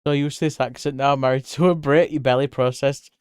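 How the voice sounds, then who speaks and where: A man chatting casually with viewers while he draws on a live stream, giggling often, swearing freely and jumping to high squeals when excited. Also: quick pace, clean tone, dry recording, studio quality. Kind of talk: casual chat while drawing.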